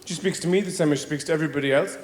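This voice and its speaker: An Irish stand-up comedian performs on a theater stage, his slightly high voice coming out rapid-fire in an echoey room. He rambles through his routine with sardonic, mock-exasperated asides.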